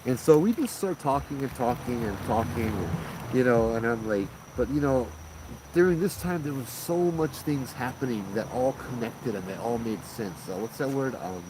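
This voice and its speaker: A man's voice: mid-range voice, moderate pace, noisy background. A man with a Hawaiian Pidgin-tinged accent, animatedly telling a ghost story in a casual, slangy way, often acting out what people said. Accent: Hawaiian Pidgin-tinged English. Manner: animated, slangy, lots of "I'm like". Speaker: host telling ghost stories.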